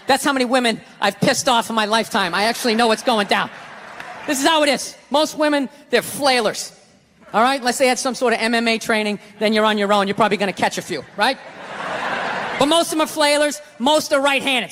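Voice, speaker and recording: A man's voice: extremely high pitch, pushed and bright, slight background noise. A middle-aged man with a Boston accent doing stand-up comedy, ranting and profane as he tells a story. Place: theater stage before a live audience. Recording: live theater recording with hall reverb and crowd. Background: audience laughter.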